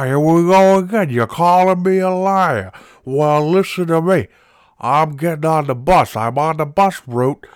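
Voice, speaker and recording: A man's voice: fairly high pitch, clean tone, dry recording, clean studio sound, pitched above the performer's own voice, lightly acted. A man putting on the voice of an angry, blustering older male customer on a prank call. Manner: loud, indignant, blustering.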